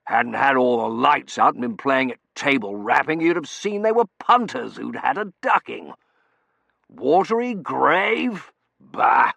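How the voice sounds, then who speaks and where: A man's voice: medium pitch, big pitch swings, unhurried, gravelly, pushed and bright, no room sound, pitched above the performer's own voice, exaggerated voice. A man doing a blustering old colonel. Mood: scornful. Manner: blustering, contemptuous. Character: gruff older Victorian colonel.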